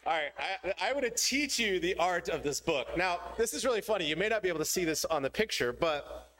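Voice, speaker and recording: A man's voice: high-pitched, expressive, brisk, a bit bright. A man giving a sermon to a congregation, telling a story with playful voice changes. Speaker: pastor. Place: church hall before a congregation.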